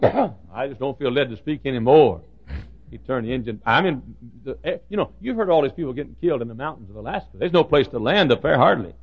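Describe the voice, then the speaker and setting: An older man preaching in a gravelly, rough voice, spinning stories from the pulpit. He repeats himself as he builds, rising loud and then dropping low. The recording sounds dull and lo-fi. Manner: storytelling preacher with repetitions, swinging from loud to hushed. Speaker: pastor. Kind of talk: sermon.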